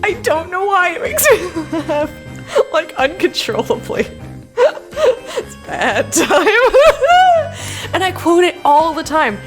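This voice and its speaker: A woman's voice: extremely high pitch, very animated, takes it slowly, soft background music. A woman streaming live, chatting casually and laughing hard and often. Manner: chatty, reads and answers chat.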